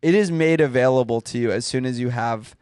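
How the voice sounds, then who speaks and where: A man's voice: medium pitch, a little fast, a little mellow, clean tone, dry recording, studio quality. A man who does comedy, musing and rambling in casual podcast chat.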